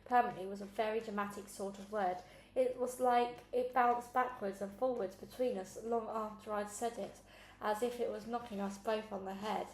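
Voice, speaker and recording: A woman reading a children's novel aloud in a lively way, acting out each character in turn. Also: medium pitch, normal speed. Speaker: storybook reader. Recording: roomy room with faint background noise.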